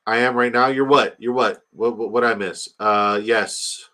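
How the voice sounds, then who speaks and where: A man hosting a casual fantasy football livestream, animated and swearing freely as he reads viewer comments aloud. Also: mid-range voice, measured pace. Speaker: livestream host reading chat.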